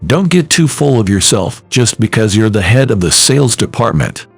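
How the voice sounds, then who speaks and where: A man voicing a dignified male company president who speaks in a low, cold, firm voice. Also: big pitch swings, normal speed, gravelly, slightly rough, no echo, faint music behind, exaggerated voice. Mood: cold stern.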